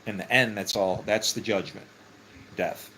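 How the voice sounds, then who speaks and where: A man teaching scripture in a casual, conversational way, full of fillers and "okay?" check-ins, with sudden excited rises for emphasis. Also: fairly low pitch, measured pace, slight background noise, poor audio. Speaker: Bible teacher.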